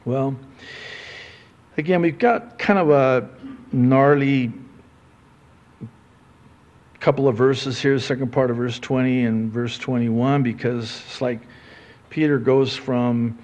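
A man, a pastor, preaching a conversational sermon that swings from soft, low asides to loud, emphatic questions. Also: steady tone, slow, long pauses, highs cut off.

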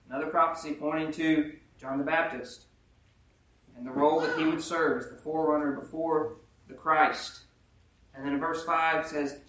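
A man preaching a sermon, reading scripture verses slowly and with emphasis, then explaining them in plain words and putting questions to his listeners. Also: fairly high pitch, distant mic. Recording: very echoey room, voice from afar.

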